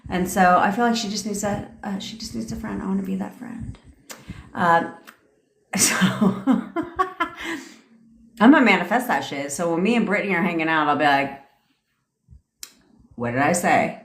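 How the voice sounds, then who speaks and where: A woman's voice: mid-range voice, moderate pace, gravelly, pauses often. A woman coaching manifestation in a casual livestream chat, brash and profane, laughing often. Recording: echoey room.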